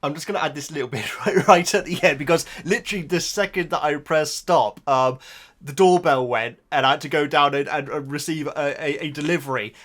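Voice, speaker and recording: A man's voice: fairly high pitch, brisk, a bit bright. A man hosting a reaction video, chatting in a rambling, hesitant way, emotional and close to tears. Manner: rambling, hesitant, full of fillers and repeated words. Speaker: YouTube reaction host. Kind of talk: casual reaction chat to camera.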